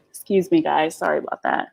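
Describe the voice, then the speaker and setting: A middle-aged woman hosting a casual live stream, blunt and animated, laughing often as she chats. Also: lowish voice, vocal fry, breathy edge.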